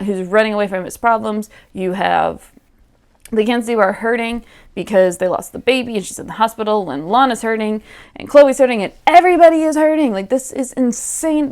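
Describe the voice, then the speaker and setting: A woman's voice: medium pitch, clear, resonant tone. A woman hosting a reaction channel, recapping an episode in casual, chatty commentary with lots of fillers and quoted asides to the characters. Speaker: reaction video host.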